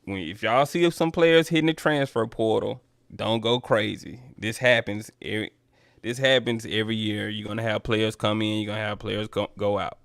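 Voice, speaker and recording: A man's voice: fairly low pitch, moderate pace, vocal fry, fairly bright tone, dry recording, studio quality. A man hosting a casual sports talk stream, talking loosely and calling his viewers y'all. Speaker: sports talk livestream host. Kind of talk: casual chat reading viewer comments.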